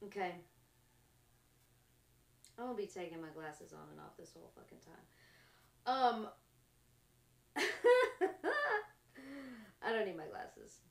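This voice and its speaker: A woman hosting a spiritual talk show, musing slowly in short trailing phrases and laughing often between thoughts. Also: on the low side, expressive, vocal fry, reverberant. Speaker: podcast host. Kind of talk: reflective spiritual monologue.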